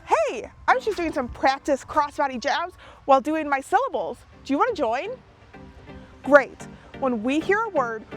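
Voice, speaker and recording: A woman with a high voice teaches a phonics lesson to children, cheerfully and clearly enunciating each word for her young learners.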